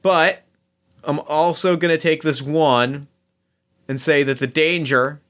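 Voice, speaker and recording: A man's voice: on the high side, fairly even intonation, slow, a bit bright. A man playing a tabletop game, thinking aloud and restarting as he describes his moves. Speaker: player.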